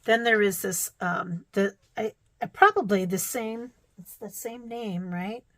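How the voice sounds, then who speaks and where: A middle-aged Midwestern American vlogger casually presents old quilting magazines, thinking out loud with fillers and little exclamations. Her mid-range voice is expressive, unhurried, and fairly bright, heard in a rough recording with no echo.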